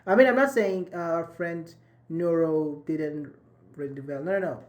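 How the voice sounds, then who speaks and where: This man's voice is a little high with a darkish tone, and he keeps a moderate pace. He teaches English grammar to students live online via video call, offering encouragement and restating and rewording each point.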